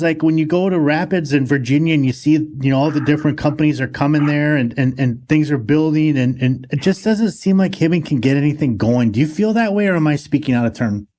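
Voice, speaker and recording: A man's voice: fairly high pitch, darkish tone. A man with a Minnesota accent hosting a podcast in a studio, chatty and reminiscing. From Iron Range, Minnesota. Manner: chatty, reminiscing, restarts often. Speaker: podcast host. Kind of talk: casual podcast interview.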